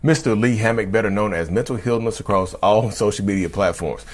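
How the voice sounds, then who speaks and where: A man in his thirties with a lowish baritone voice, hosting his own podcast. He talks in a loose, casual monologue, circling back and restarting sentences. He keeps calling his listeners y'all. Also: a little fast. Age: 30s. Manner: rambling, repeats himself, addresses listeners as y'all. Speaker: podcast host.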